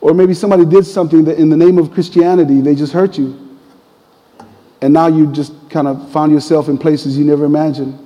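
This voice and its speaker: A man preaching a sermon, telling a personal story in a conversational, animated way. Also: fairly high pitch, in a large hall, highs cut off. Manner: conversational, animated retelling with quoted voices.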